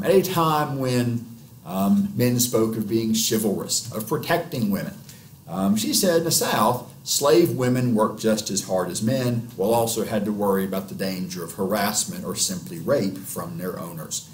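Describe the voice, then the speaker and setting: A man's voice: fairly low pitch, a little hiss or hum. Lecturing man in a roomy space. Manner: lively, many "um" fillers. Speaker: history lecturer. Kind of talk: unscripted classroom lecture. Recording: roomy echo, mic at a distance, faint ambience.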